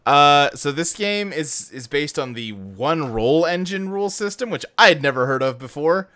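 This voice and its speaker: A man's voice: a little high, lively intonation, moderate pace, pushed and bright. A man hosting a tabletop game podcast as game master, rambling and self-deprecating in casual banter.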